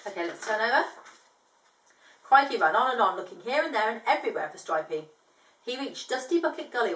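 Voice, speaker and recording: A woman's voice: medium pitch, echoey room, recorded from a distance, poor audio. A woman reading a children's picture book aloud, lifting her voice for the animals' lines and stopping to explain things in a chatty way. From from outside Australia, now living there.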